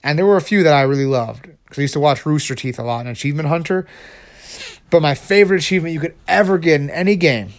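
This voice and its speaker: A young man in a casual vlog, excitedly rambling about video games, with many restarts and fillers. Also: on the high side, fast talker. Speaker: video creator.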